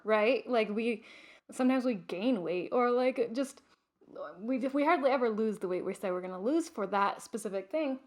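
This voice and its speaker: A young adult woman hosting her own vlog, chatting casually to camera with lots of fillers and restarts. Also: fairly high pitch. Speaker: vlog host.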